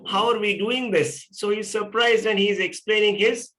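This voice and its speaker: A man's voice: high voice, fairly even intonation, normal speed, pushed and bright, low-quality recording. A middle-aged man, teaching a scripture class and explaining patiently with rhetorical questions. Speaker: spiritual teacher.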